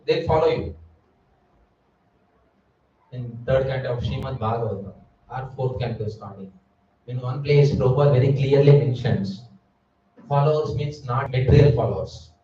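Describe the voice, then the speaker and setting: A man's voice: mid-range voice, normal speed, long pauses, warm tone, a little hiss or hum. A man giving a Sunday sermon at a temple, asking his listeners rhetorical questions. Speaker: preacher. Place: temple hall. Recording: echoey hall, distant mic, dull sound.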